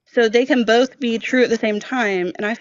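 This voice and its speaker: A woman co-hosting a casual true-crime discussion who thinks aloud and hedges in quick bursts. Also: on the high side, steady tone, dry recording, muffled recording. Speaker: podcast co-host.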